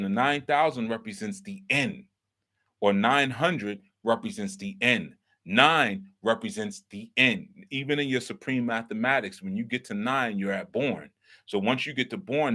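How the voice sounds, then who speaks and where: A man with a lowish voice and a sharp tone hosts a talk and teaches casually, explaining things as he goes. He lectures with rhetorical questions and checks in with the listener by asking "right?"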